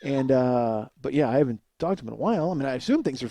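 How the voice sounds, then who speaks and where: A man's voice: mid-range voice, big pitch swings, quick pace, creaky, hardly any pauses, dark tone, dry recording. A man in his forties telling stories in a comedic monologue, rambling with frequent fillers and chuckling as he goes. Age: 40s. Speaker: podcast host.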